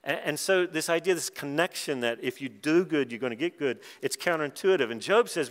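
A man's voice: fairly high pitch, expressive, moderate pace, a bit bright. A middle-aged man preaching at a conference in a conversational way, with wry asides. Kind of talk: conference sermon. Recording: long hall reverb.

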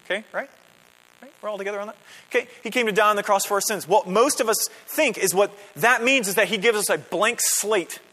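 Man, pastor, high voice, conversational sermon, asks the room questions, rising emphatic peaks, long hall reverb. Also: fairly quick, sharp tone. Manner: builds to emphatic, rising climaxes. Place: church sanctuary.

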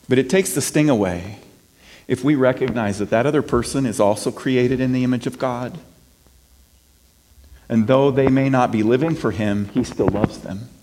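A middle-aged man preaching a conversational sermon as pastor. He moves between soft, quiet passages and emphatic ones, and often repeats words as he restarts. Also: medium pitch, a little hiss or hum. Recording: long reverb of a large hall.

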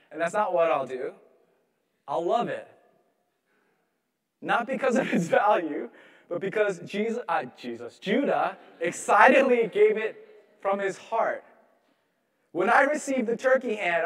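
A man's voice: high-pitched, expressive, moderate pace, fairly bright tone. A man in his thirties preaching a conversational sermon as pastor, casual and humorous, peppering his talk with "like". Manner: casual, humorous, heavy use of "like".

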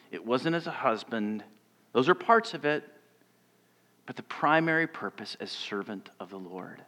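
A man who is a pastor, giving a sermon and telling a personal story, moving between loud passages and hushed ones. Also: mid-range voice. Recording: long church reverb.

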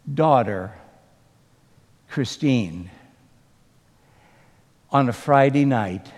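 Slow-spoken pastor in a reverberant church. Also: male voice, mid-range voice. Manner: slow, earnest storytelling with quoted dialogue. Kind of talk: sermon storytelling.

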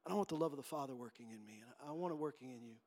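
A man's voice: medium pitch, racing, a little mellow. A man preaching a sermon as pastor, emphatic and impassioned, acting out quotes as he goes.

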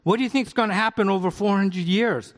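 A middle-aged American pastor preaching in a conversational way, often asking the congregation questions. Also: male voice, high voice, fast talker. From United States. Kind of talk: sermon with live demonstration. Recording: long hall reverb.

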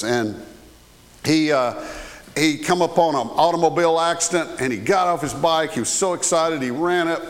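Preacher man in a reverberant hall. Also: fairly high pitch. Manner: conversational preaching, checks in with "okay?". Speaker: pastor. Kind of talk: sermon.

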